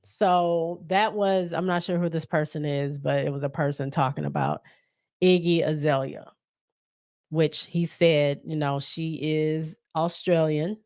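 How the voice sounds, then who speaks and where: A low-voiced woman talks through her solo podcast, loose and chatty. She drifts between thoughts and leans on fillers and restarts. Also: fairly even intonation, unhurried, darkish tone. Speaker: podcast host. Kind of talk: casual solo podcast chat.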